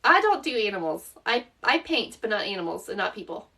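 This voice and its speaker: Far from the mic, a Southern woman talks through a live-streamed craft tutorial, greeting viewers by name while she works. Her mid-range voice is brisk, bright and forceful, with big pitch swings.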